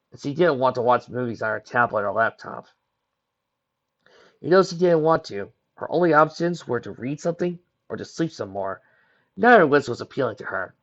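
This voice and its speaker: A man narrating a fan fiction story aloud, in a lively reading with small slips and self-corrections. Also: medium pitch. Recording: dull lo-fi home recording.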